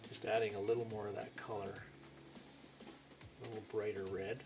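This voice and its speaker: Painting instructor, male, low gravelly voice, relaxed thinking-aloud delivery. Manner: thinks aloud while painting, with pauses and fillers. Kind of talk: unhurried painting tutorial. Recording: music playing behind.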